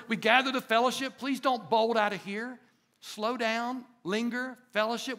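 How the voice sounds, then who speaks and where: A man's voice: high-pitched, gravelly. A man, a pastor preaching a sermon to his congregation, calling for responses and building to emphatic peaks. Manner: call-and-response preaching, rising to emphatic shouts.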